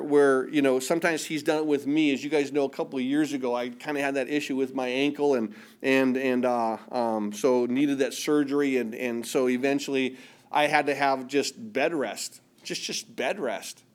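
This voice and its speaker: A middle-aged man preaching a sermon, earnest, often repeating words and dropping to a hush for emphasis. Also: medium pitch, steady tone, moderate pace. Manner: earnest, repeats words, swings between loud emphasis and hushed quiet. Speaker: pastor.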